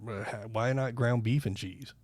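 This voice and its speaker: A man's voice: mid-range voice, normal speed, a little mellow, dry recording. A man co-hosting a casual podcast, telling rambling stories and swearing freely. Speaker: podcast co-host. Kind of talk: casual chat.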